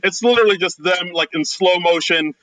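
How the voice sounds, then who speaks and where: Bright dry-sounding man recapping a film. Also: sits high, fairly quick, dry recording, low-quality recording. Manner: relaxed, loose recaps with filler words. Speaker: podcast co-host. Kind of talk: casual movie discussion.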